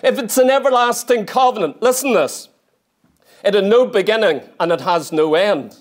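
A man preaches a sermon in a church, his voice high for a man. He drives his points home emphatically, with repeated rhetorical questions and insistent repetition. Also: animated, moderate pace.

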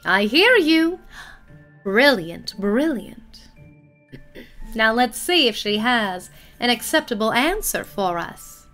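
A woman's voice: a little high, big pitch swings, takes it slowly, fairly bright tone, soft background music. A woman streaming a mystery game, chatting with viewers and playing up a theatrical detective act. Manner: playful, theatrical detective banter. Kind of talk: casual game commentary.

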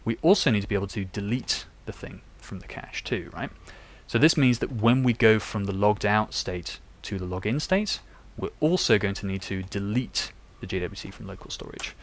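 A man's voice: fairly low pitch, lively intonation, moderate pace, hardly any pauses. A young man chatting and thinking aloud while he codes live on stream. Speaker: developer live-coding on stream. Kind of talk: live coding tutorial.

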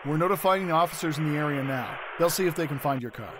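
A man's voice: a little high, fast, natural voice. A man voicing a businesslike emergency dispatcher asking callers routine questions. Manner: scripted, businesslike. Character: calm male emergency dispatcher. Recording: noisy game audio.

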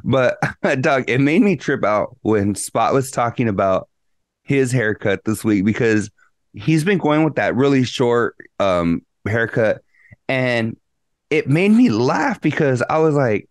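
A man's voice: medium pitch, big pitch swings, measured pace, no echo. A man co-hosting a podcast, telling a long profane story with lots of restarts and fillers. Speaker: podcast co-host. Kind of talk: casual chat.

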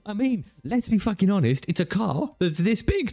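Sweary, lively reaction-video man. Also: high voice, fairly quick, hardly any pauses, faint music behind. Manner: laughing, sweary, playful banter. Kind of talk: reaction commentary. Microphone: studio podcast mic.

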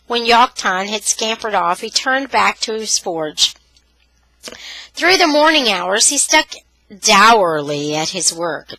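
A woman's voice: medium pitch, animated, a little slow, bright, forceful tone, no room sound, low-quality recording. A woman from Texas with a Californian accent, reading a novel aloud to online listeners and adding chatty, friendly asides that explain words. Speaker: storyteller.

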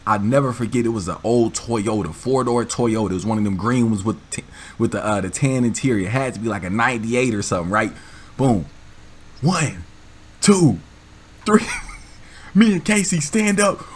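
A man hosting a gaming channel, telling a story in a casual, animated, slangy way with frequent laughs. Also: mid-range voice, normal speed, a little hiss or hum.

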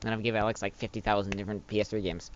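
A man with a raspy voice giving bossy, animated gaming banter in a casual livestream chat. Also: lowish voice, racing, a little hiss or hum. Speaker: friend coaching a gameplay stream. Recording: muffled lo-fi mic.

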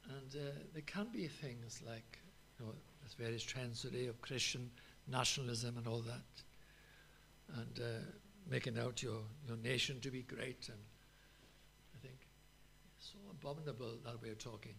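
A man preaching an earnest, emphatic sermon in a church, pausing often and stressing his points. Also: mid-range voice, steady tone, gravelly, a bit bright, slight background noise.

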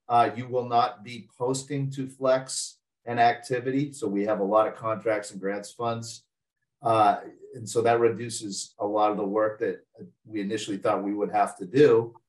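A man presenting a finance briefing, measured and steady with frequent filler words. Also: mid-range voice, recorded from a distance, low-quality recording. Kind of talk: scripted informational briefing.

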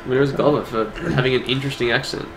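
A man co-hosting an online awards show in casual chat, laid-back and quick to laugh. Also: mid-range voice, fairly even intonation, fairly bright tone, slight background noise, low-quality recording. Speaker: awards co-host.

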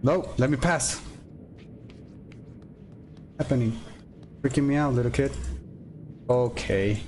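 A man's voice: medium pitch, slow, a little mellow, slight background noise. A man playing a horror game on stream, talking to himself and the game creatures in jumpy, nervous commentary. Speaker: gameplay streamer. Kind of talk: let's play commentary.

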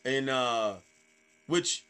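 A man in his thirties, a stand-up comedian, telling a story in a casual, animated way, often swearing and repeating words. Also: medium pitch, drawn-out words, clean tone. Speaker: stand-up comedian, podcast guest.

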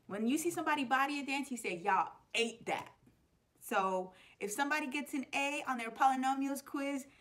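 A woman's voice: high voice, pushed and bright. A young adult woman teacher hosting a playful web show, explaining slang in a chatty way and laughing often.

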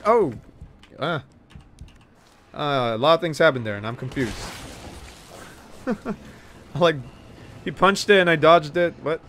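A man's voice: a little high, a little hiss or hum. A man giving casual let's-play commentary, cheering, yelping and scolding game characters as he plays. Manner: excitable, yelps and cheers at the game. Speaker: gaming streamer.

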